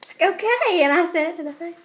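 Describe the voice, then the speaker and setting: A woman's voice: very high voice, fairly even intonation, rapid-fire, a little hiss or hum. A teenage girl chatting casually as a vlogger, giggly and acting out what other people said. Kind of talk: casual chat.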